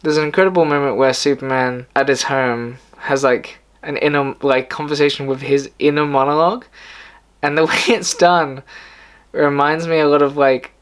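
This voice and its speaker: A man's voice: on the high side, steady tone, normal speed, clear, resonant tone. A man hosting his own video, casually retelling a story in a rambling way with many filler words and restarts. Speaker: video host.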